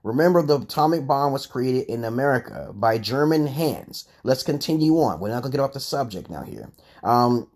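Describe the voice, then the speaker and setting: A man's voice: mid-range voice, animated, normal speed, darkish tone. A man hosting a livestream, reading viewer comments and lecturing in a long, rambling monologue. He is blunt and profane, and keeps tagging his points with "okay?".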